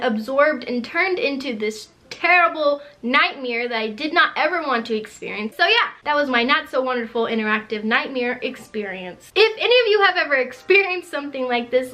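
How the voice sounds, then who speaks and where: A young woman telling a storytime vlog, animated and laughing often as she talks. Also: high voice. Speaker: vlogger.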